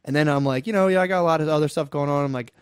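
A man's voice: fairly high pitch, rapid-fire, clear, resonant tone, no echo, clean studio sound. A young man in casual podcast banter, crude and hyped, peppering his talk with "dude". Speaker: podcast co-host.

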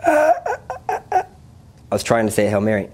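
A man's voice: mid-range voice, fairly quick, a little mellow. Young man, earnest testimony, confessional tone, restarts a lot, voice jumps up when emphatic. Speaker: speaker sharing his testimony. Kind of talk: personal religious testimony.

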